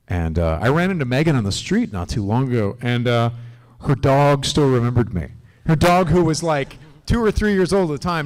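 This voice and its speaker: A man as a convention panel guest, telling animated, rambling stories with lots of restarts. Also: medium pitch. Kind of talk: casual storytelling on a live panel. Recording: long hall reverb.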